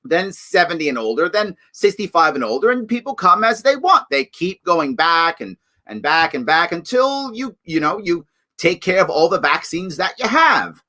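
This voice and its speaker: A man hosting his own political commentary livestream, talking in a sarcastic, animated, mocking way. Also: high voice, normal speed. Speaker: show host.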